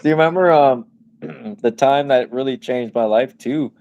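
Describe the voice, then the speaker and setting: A man's voice: medium pitch, moderate pace, gravelly, no room sound, lo-fi sound. A man in his twenties co-hosting a podcast, telling stories in casual slangy chat and laughing often. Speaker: podcast co-host.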